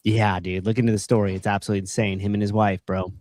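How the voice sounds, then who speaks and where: A man's voice: lowish voice, little pitch movement, rapid-fire, a little mellow, dry recording, clean studio sound. A man co-hosting a casual podcast, laid-back and slangy with a know-it-all streak. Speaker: podcast co-host. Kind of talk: casual chat.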